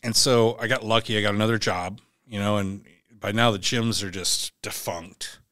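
A man telling a raw personal story in an interview, blunt and halting, swearing as he goes. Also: fairly low pitch, steady tone, sharp tone, no room sound, clean studio sound. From United States. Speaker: podcast guest.

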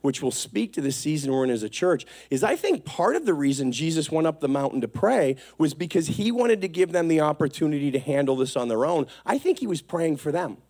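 A man preaching a sermon in a church, explaining a Bible passage with animated delivery and acted-out quotes. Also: a little high, brisk, few pauses.

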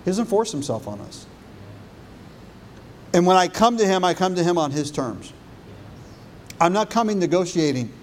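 A man preaching a sermon as pastor, building on repeated phrases and dropping low and soft for emphasis. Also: sing-song, moderate pace, pauses often, a little hiss or hum.

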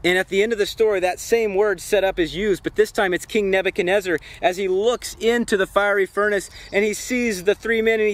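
A man with a high voice leads a devotional Bible study outdoors by a campfire. He talks in an earnest, reflective way. He often stops to put pointed questions to the people listening. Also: fairly even intonation, brisk, few pauses. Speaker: Bible teacher.

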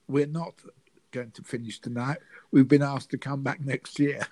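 An older man, a guest telling a lively showbiz anecdote and acting out the voices in it. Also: mid-range voice, moderate pace, dry recording, rough recording. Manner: lively, acts out the voices in his stories. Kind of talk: storytelling anecdote.

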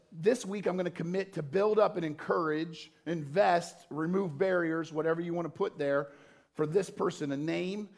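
A man preaching into a stage mic in a church. His voice sits a bit high for a man and carries a gritty, crackling fry. He moves between soft, earnest talk and loud, impassioned peaks. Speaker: pastor. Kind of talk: sermon. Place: church auditorium.

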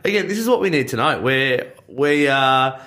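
A man's voice: medium pitch, animated, moderate pace, fairly bright tone. A chatty Australian man with a mid-range voice co-hosts a casual sports podcast. He laughs easily as he talks. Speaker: podcast co-host.

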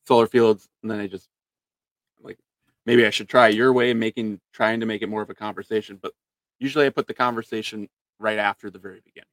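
A man's voice: lowish voice, steady tone, quick pace, a bit bright, dry recording. A man, a salesman, chatting casually and thinking aloud with loose fillers. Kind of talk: casual chat.

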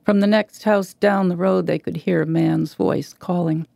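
A woman reading a short story aloud in a measured, even way. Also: fairly low pitch, vocal fry, dry recording. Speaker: guest reader. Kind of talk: literary reading.

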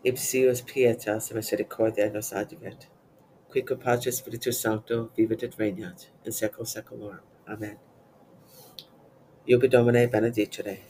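A man reciting psalms and liturgical prayers in a steady, measured way. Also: lowish voice, a little hiss or hum, low-quality recording. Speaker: prayer reader.

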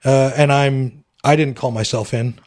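A man's voice: medium pitch, fairly even intonation, a little slow, a little mellow. A middle-aged man from Canada, a military veteran guest on a podcast, telling his story candidly with a wry edge, acting out the dialogue, with frequent fillers.

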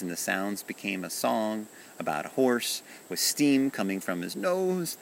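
A man reads a children's bedtime story aloud in a calm, gentle, measured voice. His voice sits very low yet sounds bright and clear. He takes his time over every phrase. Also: a little hiss or hum.

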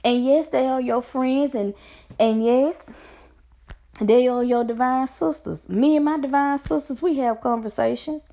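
A woman's voice: high-pitched, steady tone, unhurried, creaky, dark tone. A woman life coach giving an earnest, preacher-like pep talk on faith, repeating phrases for emphasis. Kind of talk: motivational faith talk to camera.

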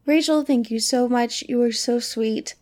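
A woman with a fairly high voice hosts a podcast in a relaxed, casual manner. She sounds warm and grateful as she talks straight to her listeners. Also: unhurried. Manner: warm, grateful, reads a listener review aloud. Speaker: podcast host.

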